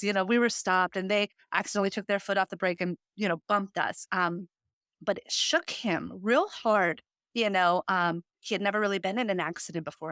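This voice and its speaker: A woman in her thirties hosts a podcast, speaking in an earnest, heartfelt way and filling her sentences with "you know" and "um." Her voice sits at a medium pitch. The recording is close and dry, with almost no room sound. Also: a bit bright, no echo. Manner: earnest, heartfelt storytelling with many fillers. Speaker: podcast host. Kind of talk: casual chat.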